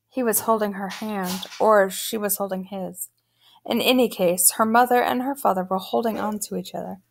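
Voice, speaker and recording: Reading a children's novel for an audiobook, this woman narrates at an even, steady pace. Her voice is medium in pitch with a distinctly gravelly grain.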